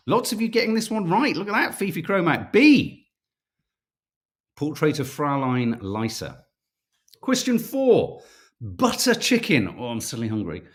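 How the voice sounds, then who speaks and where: A man from the United Kingdom hosting a casual live-stream quiz for viewers, chatty and self-mocking, stumbling over names as he reads. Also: on the high side. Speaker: podcast co-host running a viewer quiz.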